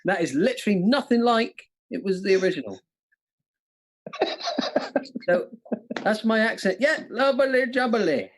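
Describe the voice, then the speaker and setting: A man runs a live quiz night with a playful, self-mocking manner. His voice swings widely in pitch, and he often laughs at his own jokes. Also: lively intonation, brisk. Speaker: quiz host. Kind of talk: live-streamed quiz hosting with jokey impressions. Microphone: studio mic with monitors.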